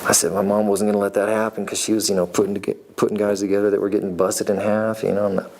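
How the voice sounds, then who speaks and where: A man in his forties from Nevada, with a deep voice that has a gravelly fry to it. He tells his life story in a relaxed, meandering way. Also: fast talker, a little hiss or hum. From Nevada, USA. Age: 40s. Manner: rambling, laid-back, meandering. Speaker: reality show applicant, farrier. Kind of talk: casual personal storytelling.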